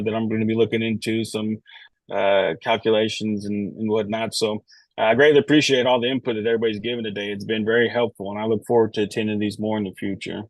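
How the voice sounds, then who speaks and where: A man's voice: on the low side, no room sound, rough recording. A man from Texas, speaking earnestly as a first-time attendee of an online roundtable and repeating words as he thinks. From Texas, United States. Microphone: video call.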